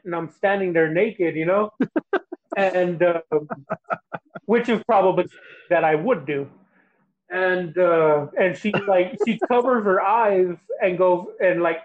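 A high-pitched young man tells a long rambling story, stumbling over his words and breaking into lively quoted voices. His voice comes through a thin, phone-like line. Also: measured pace. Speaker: guest. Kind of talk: casual storytelling chat.

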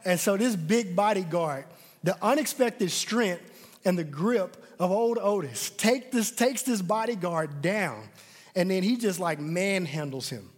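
Brief: emphatic male preacher, high voice, sermon with a long hall echo. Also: animated, unhurried. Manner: emphatic, repeats words when stressing points.

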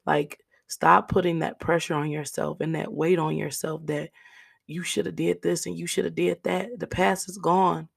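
Hoarse woman podcaster, gravelly and flat. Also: low-pitched, moderate pace. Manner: earnest, direct encouragement to listeners as "y'all". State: raspy, hoarse voice. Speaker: podcast host. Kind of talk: solo podcast monologue.

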